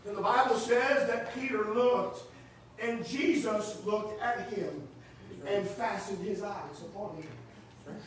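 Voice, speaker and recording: A man preaching a sermon in a church, rising to shouts and dropping low. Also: takes it slowly, a little hiss or hum. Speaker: pastor. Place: church sanctuary. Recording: echoey church room from far off.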